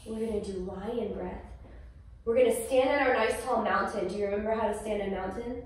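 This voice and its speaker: A mother leading a toddler yoga class, talking gently in a sing-song way to a small child. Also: mid-range voice, brisk. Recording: echoey room, far from the mic.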